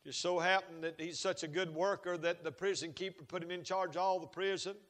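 Folksy preacher in an echoing hall. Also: male voice, high voice, fairly even intonation, brisk. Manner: folksy storytelling, building to shouted fervor. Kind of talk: sermon.

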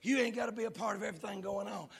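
A man's voice: sits high, racing, creaky. A man preaching a fiery revival sermon, hollering in a sing-song cadence.

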